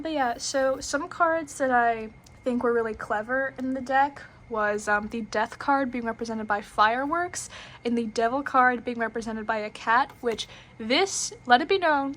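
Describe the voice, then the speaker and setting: A woman's voice: a little high, a bit bright. A young woman casually reviewing a tarot deck, chatty and giggly, with lots of fillers and restarts.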